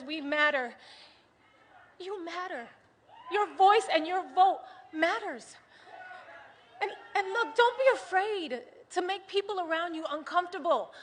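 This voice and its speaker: A woman from the United States giving an impassioned political rally speech at a large venue, shifting from soft and earnest to shouting to the crowd. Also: very high-pitched. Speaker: rally speaker. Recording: loud crowd noise from a live rally. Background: cheering crowd.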